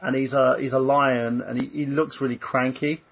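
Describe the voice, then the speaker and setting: A man's voice: medium pitch, flat delivery, moderate pace, gravelly, a little hiss or hum. A man chatting casually as a podcast host, looking things up while he talks. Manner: chatty, browses a wiki while talking. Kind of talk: casual group chat. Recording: phone-like call audio.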